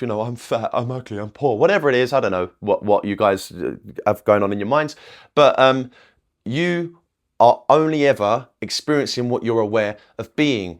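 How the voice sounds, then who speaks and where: A man's voice: mid-range voice, normal speed. A man, a manifestation coach, teaching in a casual, rambling way, often checking in with "okay?" and swearing now and then. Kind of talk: casual spiritual teaching to camera.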